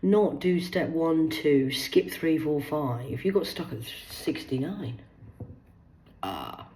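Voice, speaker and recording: A woman in her forties, losing her voice, who rambles, swears and swings between loud bursts and hushed asides as she hosts a solo chat. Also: low-pitched, animated, slow pace, echoey room, slight background noise, low-quality recording. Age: 40s. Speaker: host. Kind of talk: rambling solo live chat reading aloud.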